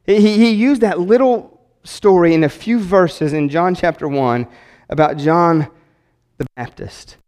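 A man's voice: high voice, a little slow, darkish tone, clear, resonant tone. A man preaching a sermon as pastor, enthusiastic and chatty, rambling with frequent restarts. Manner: enthusiastic, conversational.

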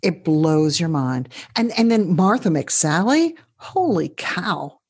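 Female podcast co-host, emphatic exasperated ranting, breathy husky voice, dry close mic. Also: on the low side, very animated, slow, darkish tone, no echo. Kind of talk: casual political chat.

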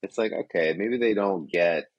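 A man's voice: deep voice, normal speed, breathy edge, no room sound, highs cut off. A young man hosting a casual podcast, rambling and profane. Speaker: podcast host.

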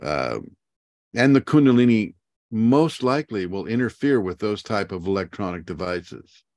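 A man's voice: fairly low pitch, moderate pace, no room sound, dull audio. A man, a spiritual teacher, talking casually on a video call, rambling with frequent chuckles. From United States. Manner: rambling, chuckling often, animated asides.

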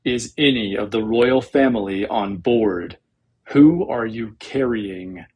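A man voicing a menacing armored dark lord who growls out slow, low threats in a husky voice.

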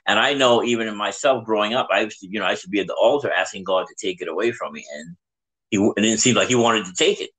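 A man with a fairly low voice hosts a casual podcast. He reflects aloud and tells stories at an easy pace. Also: fast, a bit bright, rough recording. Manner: reflective storyteller. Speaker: podcast host.

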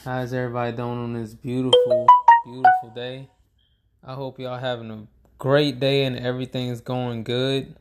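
A man's voice: medium pitch, flat delivery, moderate pace, over loud music. A tired young man who hasn't slept, rambling to camera in a casual vlog, swearing freely as he vents about his day. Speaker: vlogger.

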